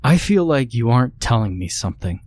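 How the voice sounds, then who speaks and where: Cast: a man doing a scared young woman in a storybook horror, quick and shaky. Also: mid-range voice, big pitch swings, darkish tone, a little hiss or hum, natural voice. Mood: pleading. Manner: trembling, pleading, urgent. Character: frightened young woman, pleading niece.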